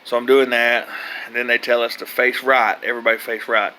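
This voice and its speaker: A man's voice: medium pitch, flat delivery, a little fast, pushed and bright, slight background noise, poor audio. A man casually telling his own story in a loose, rambling way, with lots of fillers and swearing. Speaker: vlogger recounting his own prison intake.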